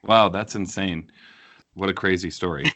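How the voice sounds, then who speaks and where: A podcast host with a very low voice, reacting in casual chat. He mostly answers with short exclamations. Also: steady tone, normal speed, a bit bright.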